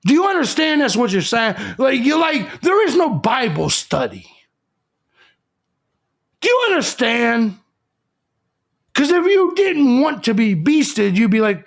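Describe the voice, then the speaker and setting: A man's voice: extremely high pitch, sing-song, measured pace, gravelly, a bit bright. A man hosting a live stream, ranting crudely and combatively as he lectures his audience. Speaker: live show host.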